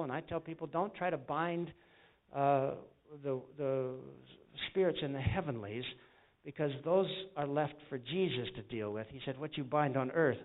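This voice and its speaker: A man preaching a sermon as an evangelist, telling stories in an earnest way and acting out the voices of the people he quotes. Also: medium pitch. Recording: tinny phone-like sound.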